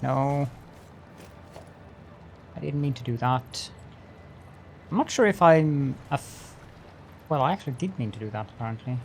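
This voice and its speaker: Male streamer, live gameplay chat, raspy-edged tone, playful mock-formal greetings. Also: mid-range voice, animated, unhurried, pauses often, darkish tone, slight background noise. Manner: chatty, talks to himself while building. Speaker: game streamer.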